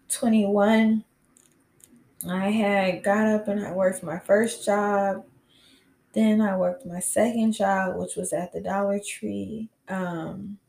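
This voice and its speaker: A woman's voice: fairly low pitch, darkish tone. A young woman hosting a podcast, telling a personal story in a casual, rambling way, full of "you know" and "like" and with frank swearing. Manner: candid and swears freely. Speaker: podcast host. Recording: roomy echo.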